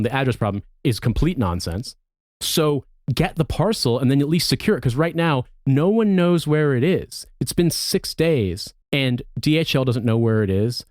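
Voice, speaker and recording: A man's voice: mid-range voice, a little mellow, no room sound, studio quality. An American man, a podcast co-host, ranting in casual chat with plenty of profanity. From United States.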